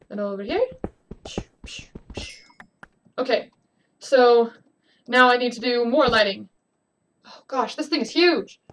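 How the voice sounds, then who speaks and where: Young woman, high bright voice, jumpy let's-play talker, faint hum behind her. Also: rough recording. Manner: jumpy, exclaiming, talks to game creatures. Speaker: gaming video creator. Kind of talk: casual let's-play commentary. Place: home room at a desk. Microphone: desk webcam mic.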